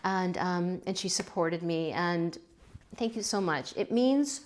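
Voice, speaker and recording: A woman's voice: lowish voice, slow pace. A middle-aged woman hosting a pottery channel, chatting casually as she unloads a kiln, gushing with gasps and little exclamations. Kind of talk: casual kiln-opening vlog chat.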